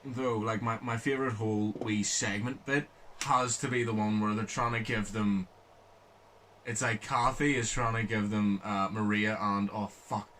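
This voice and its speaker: A man's voice: on the low side, fairly even intonation, normal speed, pushed and bright, a little hiss or hum. A young man co-hosting a casual podcast, telling stories chattily with frequent swearing and laughter. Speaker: podcast co-host.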